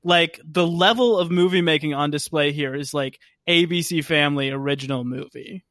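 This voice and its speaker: A man's voice: on the high side, normal speed, a bit bright, dry recording, clean studio sound. A man co-hosting a casual movie review chat, talking in a wry, chatty way full of "like" fillers. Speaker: podcast co-host.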